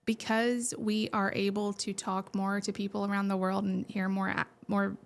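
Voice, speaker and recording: A woman's voice: medium pitch, level tone, moderate pace, gravelly. Chatty Southern woman from Alabama. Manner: chatty, laughs often. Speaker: podcast co-host. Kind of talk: casual chat.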